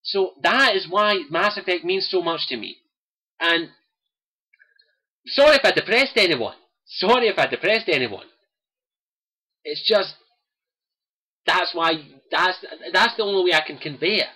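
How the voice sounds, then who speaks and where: Impassioned young Scottish man, high bright voice. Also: lively intonation, a little slow, pauses often. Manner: earnest and impassioned, repeating key phrases. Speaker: host of a gaming livestream. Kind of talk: personal monologue to viewers.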